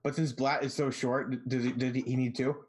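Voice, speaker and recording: A man's voice: mid-range voice, little pitch movement, fairly quick, a little mellow. A man with a mid-range voice plays in a tabletop roleplaying session. He talks casually, dropping the odd swear and laughing easily. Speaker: player. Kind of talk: casual tabletop game chat.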